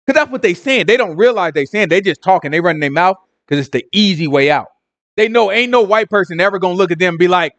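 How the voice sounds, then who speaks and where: A man's voice: high-pitched, fast talker, no echo, lo-fi sound. Guy preaching casual to his congregation, voice jumping all over the place, dry close sound. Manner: animated and conversational, full of rhetorical questions. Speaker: Bible teacher of a congregation. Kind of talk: informal Sabbath teaching.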